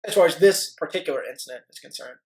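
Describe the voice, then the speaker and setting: A man co-hosting a sports podcast, talking casually and haltingly with lots of "you know" asides. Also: a little high, poor audio. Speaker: podcast co-host.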